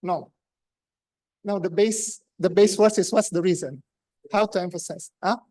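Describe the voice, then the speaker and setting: A woman with an Indonesian accent gives a grammarian report at a speaking club meeting, her lowish, mellow voice keeping a fairly even intonation and measured pace in a dry recording. The interactive talk is chatty, full of questions to the room and many fillers.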